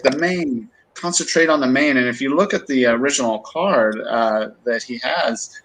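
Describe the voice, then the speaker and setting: Middle-aged guest on a livestream, chatty storyteller, loose and rambling. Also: male voice, medium pitch, a bit bright, slight background noise, rough recording. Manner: rambling storyteller, many fillers and restarts. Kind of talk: casual livestream chat.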